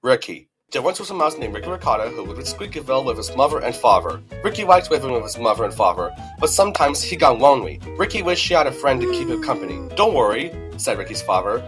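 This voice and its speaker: A man narrating a children's storybook in a lively, expressive read-aloud. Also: medium pitch, fast, hardly any pauses. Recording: music underneath.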